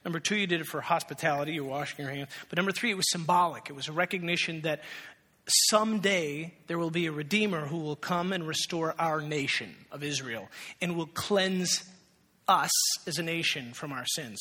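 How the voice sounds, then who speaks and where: Male pastor, fairly high bright voice, storytelling sermon, reverberant church. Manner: animated storytelling, acting out characters, then hushed and prayerful.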